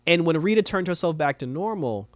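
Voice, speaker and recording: Male reviewer, casual rambling recap, slangy, quick to laugh, slightly raised pitch. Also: lively intonation, no room sound. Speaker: TV episode reviewer.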